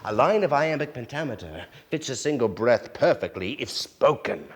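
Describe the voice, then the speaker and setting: An actor on stage playing a flustered, grandiose playwright on trial who declaims in a grand, fretful way. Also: male voice, medium pitch, big pitch swings, normal speed. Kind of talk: live stage acting. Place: theater stage. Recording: long theater reverb.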